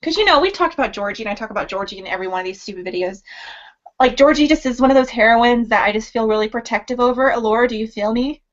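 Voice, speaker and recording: A woman book blogger talks casually with a guest over a video call. Her voice sits fairly high and she giggles often. The call audio sounds muffled. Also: fast. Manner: chatty, giggly, repeats her guest's words.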